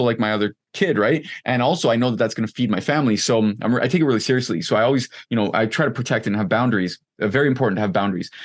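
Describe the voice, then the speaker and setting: A man in his thirties talking casually as an interview guest, rambling with many fillers and lively asides. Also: mid-range voice. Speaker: podcast guest, online coach.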